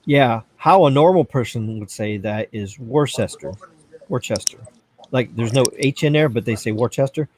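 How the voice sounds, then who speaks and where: A man talks casually on a tech livestream, rambling from one point to the next. He reads viewer comments aloud and riffs on them at an everyday pitch. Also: normal speed, few pauses, a little mellow, slight background noise. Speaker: livestream host.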